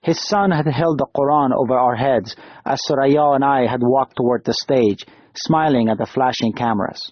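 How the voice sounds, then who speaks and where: A man reading an audiobook in a calm, measured narration. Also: mid-range voice, dry recording. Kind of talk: scripted narration. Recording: dull, dry lo-fi studio read.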